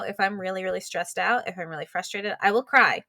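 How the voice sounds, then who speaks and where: A woman guest on a podcast, a business coach, explaining in casual, animated talk full of "like" fillers. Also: medium pitch, fast, creaky, hardly any pauses, no room sound, studio quality. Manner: animated, quotes imagined inner voices, many "like" fillers.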